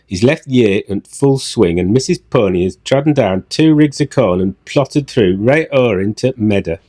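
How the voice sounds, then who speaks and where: A man's voice: lowish voice, expressive, moderate pace, mellow. A man with a Yorkshire accent voicing a cantankerous old male servant in broad dialect. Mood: grumbling. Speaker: husband reading dialect passages.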